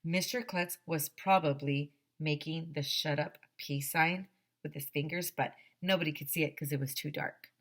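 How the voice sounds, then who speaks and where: A woman teacher reading a children's chapter book aloud to her class, expressive and gently dramatic. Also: low-pitched, moderate pace.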